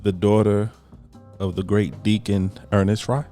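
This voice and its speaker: A man hosting a podcast, putting on an exaggerated smooth radio announcer voice in playful banter. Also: fairly low pitch, flat delivery, a little slow, dark tone, soft background music. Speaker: podcast host.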